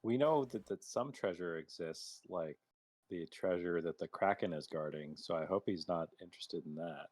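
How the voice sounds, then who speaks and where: A man's voice: deep voice, normal speed, darkish tone. A man playing a tabletop game, asking hesitant questions. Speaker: player. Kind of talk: casual chat.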